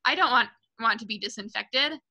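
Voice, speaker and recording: A woman reading aloud, voicing a vain, blustering father who yells indignantly and panics over his hair. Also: fairly high pitch, normal speed, creaky, exaggerated voice. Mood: panicked. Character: blustering middle-aged father, vain car salesman.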